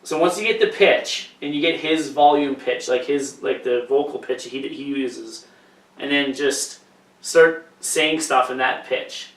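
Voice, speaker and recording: Podcast dude rambling and swearing, far from the mic in an echoey room. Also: male voice, mid-range voice, a little slow. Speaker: podcast co-host. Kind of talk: casual chat.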